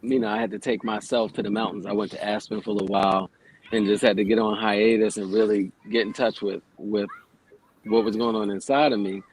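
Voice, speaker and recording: A man's voice: fairly low pitch, steady tone, a little fast, a little hiss or hum, poor audio. A man in his forties, a yoga teacher, telling stories in a casual, plainspoken way as a radio guest. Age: 40s. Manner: conversational, plainspoken, swears casually. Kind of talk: casual radio interview storytelling.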